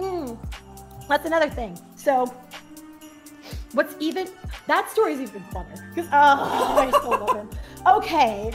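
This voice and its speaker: A young woman, a podcast guest, telling stories in a casual chat, giggling often and acting out what people said in a brighter voice. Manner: bubbly, giggly, acts out quotes in a higher voice.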